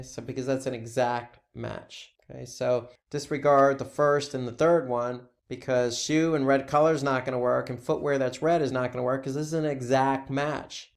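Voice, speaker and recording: A man explaining a lesson conversationally, walking through examples with frequent "okay" and "so". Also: fairly high pitch. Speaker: instructor.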